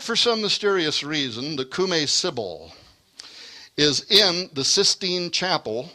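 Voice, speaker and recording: A man giving a lecture, speaking emphatically with dramatic stresses and quick asides. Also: on the high side, sharp tone. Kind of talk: lecture with read-aloud quotations.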